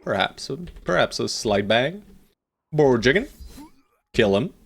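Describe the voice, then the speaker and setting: A man's voice: mid-range voice, very animated, takes it slowly, vocal fry, slightly rough. A man streaming a strategy game live, chatting playfully to viewers and bossing his units around with casual swearing. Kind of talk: live gameplay commentary.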